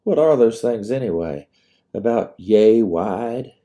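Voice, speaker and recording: A man's voice: fairly low pitch, expressive, slow pace, dark tone, dull audio. A man voicing Rosa, a sarcastic, playful young plantation daughter, in a storybook reading.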